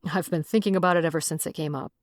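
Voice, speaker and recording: A woman's voice: low voice, steady tone, fast, no echo, natural voice. A woman voicing an earnest, protective male police chief in an audiobook.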